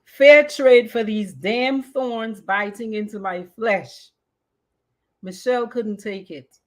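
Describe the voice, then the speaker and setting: This podcast host, a woman in her fifties with a mid-range voice, first reads a personal memoir expressively and afterward talks casually, tossing in bits of Creole.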